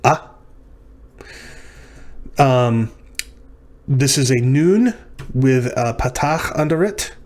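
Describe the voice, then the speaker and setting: Man, teacher, lecture, methodical step-by-step explanations, medium pitch. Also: lively intonation, extremely slow, pauses often, a little mellow. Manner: methodical, self-correcting explanations. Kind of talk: lecture on syllabification.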